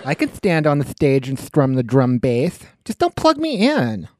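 A woman's voice: rumbling low, wildly swooping pitch, unhurried, dark tone, no echo, clean studio sound, exaggerated voice. A woman playing an agreeable, dim-witted bandmate.

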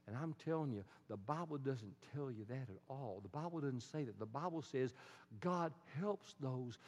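A man preaching a sermon as pastor, using rhythmic repetition and call-and-response, building from quiet to loud. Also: mid-range voice, expressive, moderate pace.

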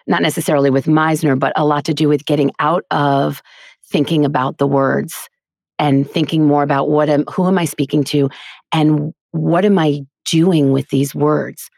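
Low, gravelly-voiced woman voice teacher. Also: darkish tone, no echo, studio quality. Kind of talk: casual podcast interview.

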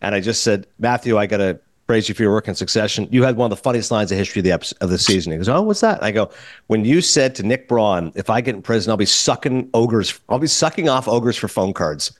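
A man hosting a podcast, telling stories in a lively, casual way and acting out conversations. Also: on the low side, fast, no room sound, clean studio sound. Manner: animated storyteller, acts out quoted exchanges. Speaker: podcast host.

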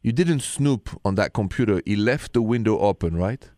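Low-voiced man hosting. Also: animated, moderate pace, mellow, dry recording, studio quality. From France. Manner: coaxing, explanatory, teases what comes next. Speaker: radio relationship advice host. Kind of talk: call-in radio advice.

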